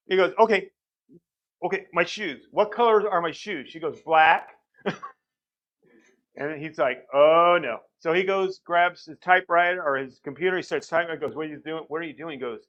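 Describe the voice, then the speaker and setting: A man's voice: medium pitch, a bit bright. A man at a church pulpit shares a personal testimony in a loose, conversational way. He tells the story by acting out what people said. The sound is slightly muffled and lo-fi, like a simple church recording. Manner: conversational storytelling, acts out quoted doctors. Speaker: church member giving testimony. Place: church sanctuary.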